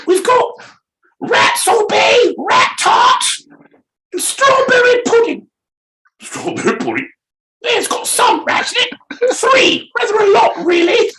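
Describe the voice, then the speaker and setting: A shrieking old British woman that a man puts on in falsetto scolds and shouts out a list of awful dishes. The voice swoops wildly up and down and drawls slowly, with a little noise behind it. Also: sing-song, roomy sound, exaggerated voice, rough recording. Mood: scolding, shrill. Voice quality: squawking falsetto. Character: shrill old British woman serving dreadful food.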